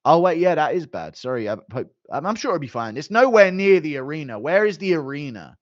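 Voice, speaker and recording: Young man, live-stream chat, joking, animated, dry dull lo-fi mic. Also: a little high, brisk, no echo. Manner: animated and joking, with mild swearing.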